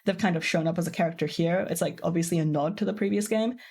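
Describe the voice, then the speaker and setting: A woman's voice: on the low side, fast, vocal fry, darkish tone, breathy edge. A young woman streaming a game, chatting casually with viewers in a rambling, giggly way full of fillers. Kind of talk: casual live-stream chat.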